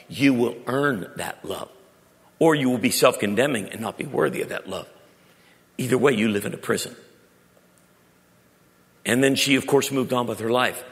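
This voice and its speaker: A middle-aged man, preaching a sermon and telling stories, with loud emphatic moments and quiet, intimate ones. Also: mid-range voice. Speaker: pastor. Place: church sanctuary. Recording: long reverb of a large hall.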